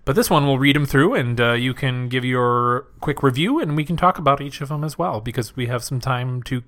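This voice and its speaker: A man's voice: mid-range voice, brisk, fairly bright tone. A young man co-hosting a casual podcast, rambling and joking with plenty of fillers. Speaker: podcast co-host. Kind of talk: casual chat.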